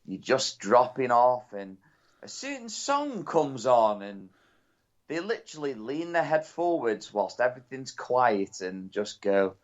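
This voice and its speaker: A man co-hosting a podcast trades crude jokes and stories in casual banter. His medium-pitched voice is very animated and a little slow, and the lo-fi sound is dull.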